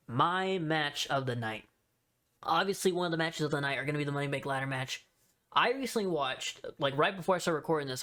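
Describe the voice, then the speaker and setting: A man's voice: a little high, fairly bright tone. A man hosting his own podcast, talking through a recap in a loose, rambling way, full of fillers and offhand swearing. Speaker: podcast host. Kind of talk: casual solo podcast recap.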